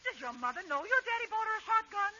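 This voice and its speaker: An actress playing a prim, gushing spinster client with a prissy, affected manner, 1940s radio comedy acting. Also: female voice, very high voice, big pitch swings, rapid-fire, sharp tone, exaggerated voice. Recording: dull 1940s radio broadcast, faint hiss.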